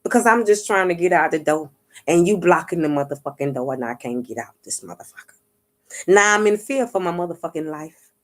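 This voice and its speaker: A woman with a fairly low, fairly quick voice, a vlogger and spiritual reader, tells a story in a casual monologue. She curses freely and talks street, acting out what others said in an animated way. She keeps checking in with her viewers, asking "you get what I'm saying."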